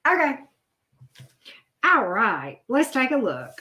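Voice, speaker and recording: A woman's voice: high-pitched, huge pitch swings, takes it slowly, bright, forceful tone. A middle-aged woman doing a live tarot reading, chatty and blunt, talking straight to her viewers. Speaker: tarot reader. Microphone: video camera.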